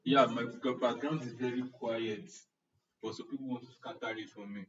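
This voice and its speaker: A man's voice: medium pitch, steady tone, moderate pace, a bit bright, slight background noise. A young Nigerian man teaching an online class, chatting and joking as he answers his audience's comments by name. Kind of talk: casual chat with a live-stream audience. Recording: muffled, distant live-stream audio.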